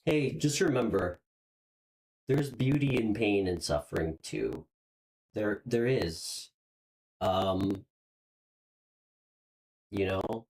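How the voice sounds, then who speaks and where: Over a low-quality recording, a tarot reader with an extremely low-pitched voice talks straight to the viewers of her live reading. Warm but hesitant, she is visibly moved, filling her speech with ums and starting sentences over.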